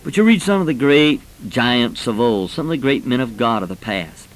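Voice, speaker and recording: A man's voice: medium pitch, animated, normal speed, low-quality recording. A man in his forties preaching a sermon, fervent and rising to emphatic peaks as he tells personal stories. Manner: personal storytelling.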